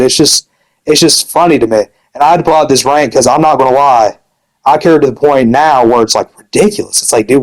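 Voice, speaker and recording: A mid-range male voice, roughly recorded. The young man is furious at a fellow member of his gaming community, cursing constantly and peppering his rant with "dude."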